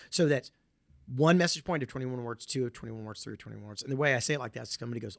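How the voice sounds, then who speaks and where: A man's voice: medium pitch, lively intonation, rapid-fire, gravelly, no room sound, studio quality. A middle-aged man with a Southern US accent, giving a conference presentation in an emphatic, repetitive way with folksy asides.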